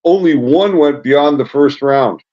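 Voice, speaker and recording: A man's voice: fairly high pitch, unhurried. A middle-aged man co-hosting a casual chat, talking at length and telling anecdotes from his apartment. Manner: chatty, tells long anecdotes. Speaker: co-host. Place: apartment at home. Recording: slightly muffled lo-fi sound.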